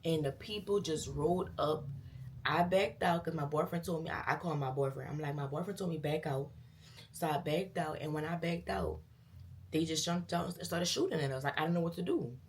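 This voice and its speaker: A woman's voice: deep voice, a little fast, a little hiss or hum. A young woman tells a dramatic personal story in a casual storytime vlog, acting out the quoted dialogue and talking straight to her viewers. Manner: animated retelling with quoted dialogue, addresses viewers as girl and y'all. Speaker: vlogger telling a story.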